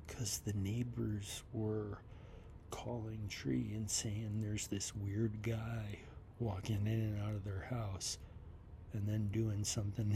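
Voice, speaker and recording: A man in his fifties leaving a slow, rambling, upset voice message from a basement, often dropping to a whisper. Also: fairly low pitch, dark tone, slight background noise. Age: 50s. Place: basement of a house.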